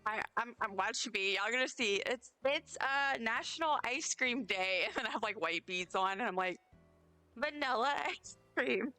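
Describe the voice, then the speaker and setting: Speaking at a normal speed and barely pausing, a fatigued woman rambles casually while playing a game on a live stream, joking at her own expense. Her voice is a little high, pushed and bright with a clean tone, and faint music sits behind it.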